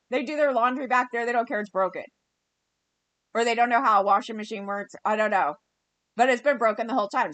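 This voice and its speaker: A woman's voice: fairly high pitch, a bit bright, no echo. A woman, ranting heatedly in a vlog monologue and acting out what others said. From California. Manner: heated, fast ranting with quoted dialogue. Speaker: vlogger.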